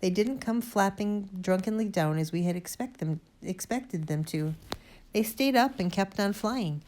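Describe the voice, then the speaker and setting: A woman narrating a children's storybook aloud in an expressive, lively way. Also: medium pitch, a little slow, slight background noise. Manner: lively expressive reading, first-person boy narrator. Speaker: audiobook reader.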